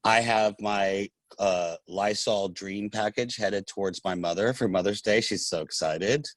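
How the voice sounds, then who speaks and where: A man with a very deep voice co-hosts a relaxed podcast, recorded dry and close. He jokes in a campy way and acts out the people in his stories. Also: measured pace, no room sound. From Los Angeles. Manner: campy and joking, tells stories with mimicry. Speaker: podcast co-host. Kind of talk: casual chat.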